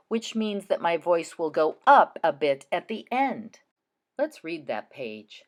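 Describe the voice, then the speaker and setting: A woman teacher talks young readers through a recorded reading lesson, unhurried and deliberate. Her lowish voice swings widely up and down as she models expressive reading aloud.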